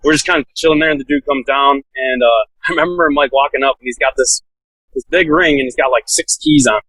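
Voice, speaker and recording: A man's voice: mid-range voice, fast talker, bright, forceful tone, dry recording, low-quality recording. A man telling a story in a casual, laid-back way, full of "like" fillers and laughing now and then. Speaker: podcast guest, SWAT officer.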